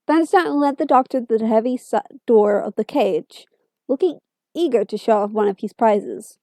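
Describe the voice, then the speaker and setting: A woman reading fan fiction aloud in a steady storytelling voice. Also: medium pitch, normal speed, no echo.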